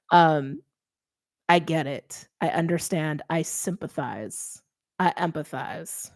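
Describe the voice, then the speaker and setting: A woman's voice: sits low, takes it slowly, pauses often. A young adult woman giving a chatty, emphatic tarot reading, interrupting herself often. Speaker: tarot reader.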